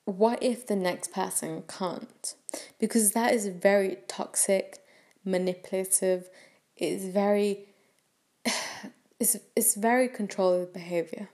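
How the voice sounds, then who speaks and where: A woman's voice: medium pitch, darkish tone. A young woman hosting a podcast, telling a personal story in a chatty way with many fillers and restarts. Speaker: podcast host. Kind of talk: casual storytelling.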